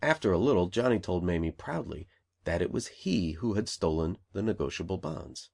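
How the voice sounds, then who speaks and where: A man's voice: low-pitched, animated, normal speed, gravelly, darkish tone. A man narrating an audiobook, reading the dialogue of the characters in a lightly varied voice.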